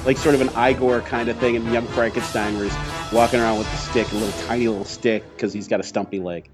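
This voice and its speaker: A man's voice: mid-range voice, steady tone, quick pace, over music. A man co-hosting a podcast who jokes and riffs in casual banter. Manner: joking and riffing. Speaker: podcast co-host. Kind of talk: casual chat.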